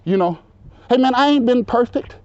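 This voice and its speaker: A man in his fifties telling a long story in casual conversation, talking loud and rambling, often asking "you know what I'm saying". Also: very high voice, animated, moderate pace. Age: 50s. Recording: dull lo-fi recording.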